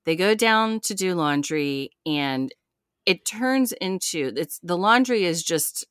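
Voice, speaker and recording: A woman's voice: fairly low pitch, lively intonation, takes it slowly, a bit bright, clear, resonant tone, no room sound, clean studio sound. A woman co-hosting a podcast, chatting casually and sarcastically, laughing often as she recaps a show. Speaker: podcast co-host.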